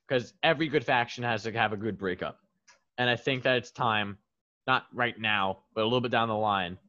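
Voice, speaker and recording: A low-voiced man co-hosts a casual podcast and rambles through his picks with plenty of swearing. His audio sounds dull and lo-fi. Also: fairly bright tone. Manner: rambling, profane predictions. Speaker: podcast co-host. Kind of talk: casual chat.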